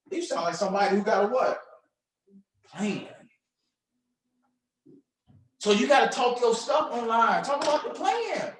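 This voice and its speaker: Energetic high-voiced male coach. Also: moderate pace, roomy sound, low-quality recording. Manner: energetic, preachy, uses slang and call-and-response questions. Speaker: trading mentor. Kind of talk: motivational coaching talk.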